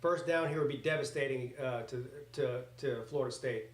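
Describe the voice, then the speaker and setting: A man hosting a casual live reaction stream, calling plays as they happen in a rambling, excitable way that slips into swearing. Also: mid-range voice, moderate pace. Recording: roomy echoey home setup.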